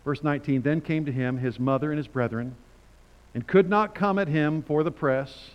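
Older man preaching a lively sermon. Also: fairly high pitch, normal speed, muffled recording. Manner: animated, conversational preaching with quoted voices.

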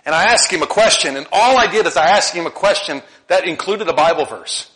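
A middle-aged man preaches to his congregation in a loose, conversational way. His voice is bright and sits a little high, and he often stumbles over repeated words before breaking into lively, animated stretches. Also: fairly quick, few pauses, low-quality recording. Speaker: pastor. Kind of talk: sermon.

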